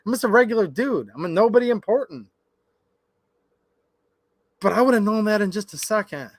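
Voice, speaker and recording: A man's voice: sits high, animated, a little fast, no room sound. A man from Michigan hosting a casual livestream from his workshop, chatty and opinionated, talking straight to his chat. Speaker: gun channel livestream host.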